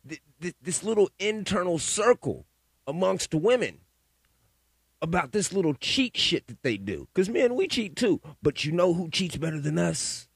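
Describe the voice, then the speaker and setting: A man's voice: fairly high pitch, vocal fry, breathy edge, no room sound, studio quality. A man hosting a solo podcast, telling stories and giving opinions in a rambling, profane, casual way. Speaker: podcast host.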